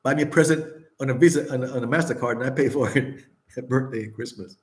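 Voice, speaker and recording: Older man, vlog host, casual candid storyteller who laughs often and swears freely; mid-pitched voice. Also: fast talker. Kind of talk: casual chat.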